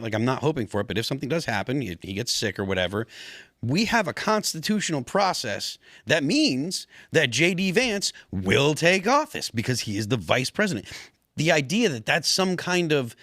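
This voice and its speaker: A man's voice: fairly high pitch, fairly bright tone, no room sound, clean studio sound. A man on a political talk panel, explaining his point earnestly and at length. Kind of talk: political talk show discussion.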